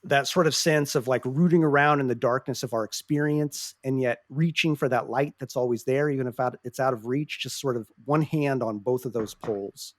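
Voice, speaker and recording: Earnest, passionate podcast host. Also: male voice, medium pitch, dry recording. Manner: earnest, passionate, frequent swearing; halting restarts when searching for words. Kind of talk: casual podcast discussion.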